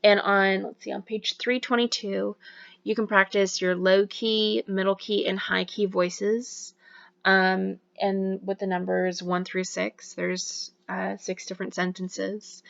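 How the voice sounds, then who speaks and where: A woman's voice: mid-range voice, steady tone, a little slow, gravelly, a bit bright, dull audio. A woman giving a recorded university lecture on voice and diction, explaining with frequent fillers.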